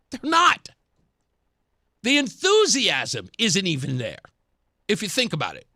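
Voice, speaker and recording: A man's voice: high voice, huge pitch swings, slow, pushed and bright, no room sound, clean studio sound. A man hosting a talk radio show, giving sarcastic political commentary and laughing often. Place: radio studio.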